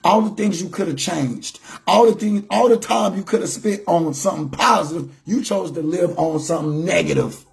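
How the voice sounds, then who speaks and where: A man giving a preachy motivational talk on a live stream, emphatic and repetitive, rising to shouted peaks. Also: high-pitched, moderate pace, vocal fry, hardly any pauses.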